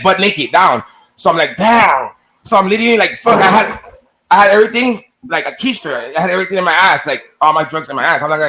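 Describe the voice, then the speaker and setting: High, bright-voiced man telling a rambling story. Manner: rambling, profane, acts out quoted exchanges. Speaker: streamer telling his story. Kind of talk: casual storytelling to camera.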